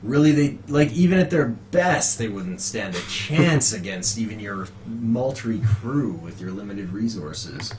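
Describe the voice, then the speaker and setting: Lively-voiced male game master. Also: lowish voice, a little slow, few pauses, slight background noise. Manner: laughing, descriptive narration. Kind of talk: narrating a tabletop game.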